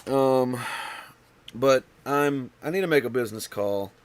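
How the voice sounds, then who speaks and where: Stuffy out of breath guy wrapping up a home stream, mid-pitched, lots of ums and restarts. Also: a little slow. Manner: tired, rambling with many fillers and restarts. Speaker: livestream host. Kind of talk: casual livestream chat.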